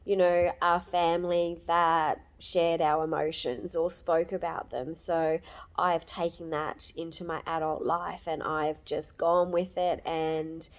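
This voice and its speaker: A woman in her fifties giving a candid, emotional personal testimonial, with many fillers and pauses. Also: fairly low pitch, fairly even intonation, a little mellow. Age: 50s. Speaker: program client giving a testimonial.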